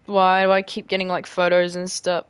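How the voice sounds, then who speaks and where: A woman giving casual gameplay commentary while she builds, rambling and self-deprecating, often trailing off quietly. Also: lowish voice, monotone, moderate pace, smooth, dry recording. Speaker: gaming creator.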